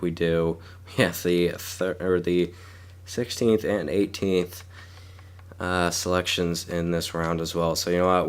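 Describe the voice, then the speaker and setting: A young man with a deep, low voice and a sore throat talks casually through his game. He hesitates often, thinks aloud and trips over unfamiliar names. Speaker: gaming YouTuber.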